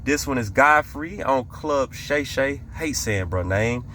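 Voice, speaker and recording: A man breaks down a clip in casual reaction commentary. His voice is bright and clear, with a faint hum of background noise. He talks in loops, asking rhetorical questions and saying lines twice. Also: medium pitch, animated, takes it slowly. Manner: conversational, rhetorical questions, repeats himself. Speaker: reaction video host.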